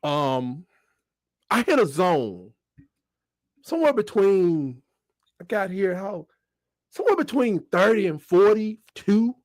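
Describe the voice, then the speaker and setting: Middle-aged guy on a sports livestream, high voice, bounces all over, dry close sound. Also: slow, pauses often, dry recording. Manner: animated, joking, reads out chat comments and bursts into high squeals. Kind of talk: casual livestream commentary.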